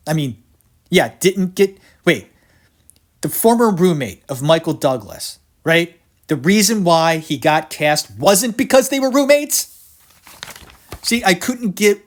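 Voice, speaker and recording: Man, podcast host, solo film-history rant, excitable, swears, unhurried, lively pitch. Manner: excitable rambling rant, swears, laughs at himself.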